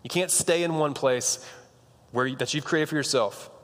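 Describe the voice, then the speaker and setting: A young man preaching in a relaxed, chatty way, his slightly high voice carrying a long hall reverb. He drops into slang and restarts his sentences as he talks the congregation through a story. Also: normal speed. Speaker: pastor. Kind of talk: sermon.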